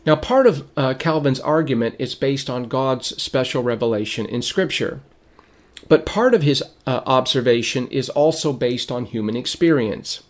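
A man in the middle of his range delivers a sermon-style teaching at a steady, measured pace. His voice is going hoarse, and he stops to clear his throat as he reads passages aloud. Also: medium pitch. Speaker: preacher.

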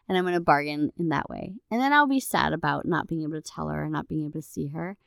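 Woman, middle-aged, therapist, podcast co-host, conversational, low pitch, dry sound. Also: fast talker, gravelly, hardly any pauses, a bit bright, clean tone, no room sound. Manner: conversational, often adds "right?". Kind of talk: casual explanatory podcast talk.

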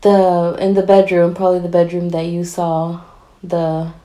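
A young woman casually telling a spooky story, animated and full of fillers. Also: lowish voice, unhurried, dull audio.

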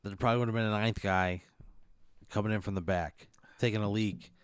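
A man's voice: on the low side, fairly even intonation, brisk, clean tone, dry recording, studio quality. A man in casual chat who reacts in an exasperated way and swears freely.

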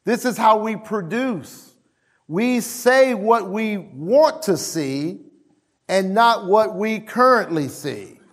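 A male pastor delivers a sermon with a fairly high voice. He is emphatic, repeats his key lines and calls for responses from the congregation. He swings between loud exhortations and low asides. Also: animated, takes it slowly.

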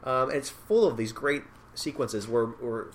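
A man's voice: mid-range voice, normal speed, fairly bright tone, a little hiss or hum. A man in a casual chat, enthusiastically talking about comics and reading bits of dialogue aloud.

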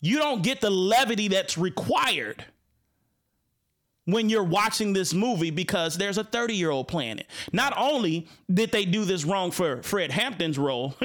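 Chicago dude ranting on his show, slightly high voice, keeps restarting and repeating himself. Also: a little slow. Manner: animated, repeats words and restarts. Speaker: host. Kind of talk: casual talk show commentary.

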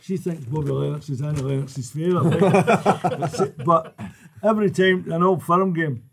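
A man's voice: fairly high pitch, normal speed, vocal fry, slight background noise. An older Scottish man telling football stories in casual chat, laughing as he goes. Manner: lively storyteller who laughs through his tales.

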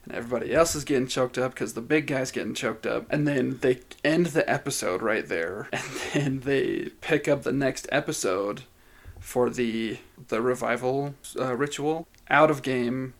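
A man co-hosting a podcast, talking casually and retelling moments he loved. His voice has a gravelly, creaky edge, and his pitch sits in the middle. He tells stories in a loose, chatty way and leans on "like". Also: normal speed. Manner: chatty storyteller, says "like" often. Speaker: podcast co-host. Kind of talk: casual chat.

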